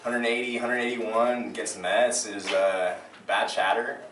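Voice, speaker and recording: A teenage boy and high school baseball player answering interview questions hesitantly, with many "uh"s. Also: little pitch movement, normal speed, fairly bright tone. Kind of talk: casual interview. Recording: echoey room, distant mic, noisy.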